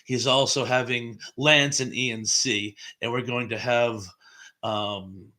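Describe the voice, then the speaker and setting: A man's voice: mid-range voice, fairly even intonation, slow, bright, forceful tone. A man in his fifties hosting a casual live stream, reading viewer comments aloud in a chatty, rambling way. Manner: chatty and rambling, with frequent fillers and chuckles.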